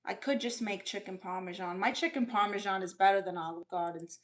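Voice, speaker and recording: A woman's voice: fairly quick, natural voice. A woman playing a chatty, doting auntie. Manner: reads chat aloud and greets viewers with big pitch swings. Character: chatty middle-aged auntie, sassy and doting. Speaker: livestream host in character. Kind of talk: live-chat comedy stream. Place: bedroom.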